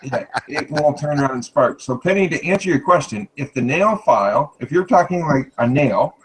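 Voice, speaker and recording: A man's voice: fairly high pitch, animated, normal speed, poor audio. A man in casual live chat who explains things patiently and keeps repeating a stock phrase.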